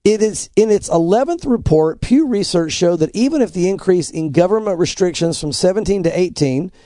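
A man's voice: sits high, lively intonation, a little fast, mellow, no room sound. Man, pastor, middle-aged, preaching commentary, dry close sound, emphatic. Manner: emphatic, earnest, quotes scripture and articles. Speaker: pastor, co-host. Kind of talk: preaching-style news commentary.

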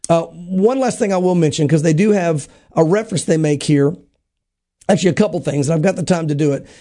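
A man with a fairly high voice and a warm, mellow tone teaches scripture as a pastor in a podcast conversation. He keeps acting out the Bible's dialogue in quick quoted voices and often circles back to restart his sentences. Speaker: pastor, show regular.

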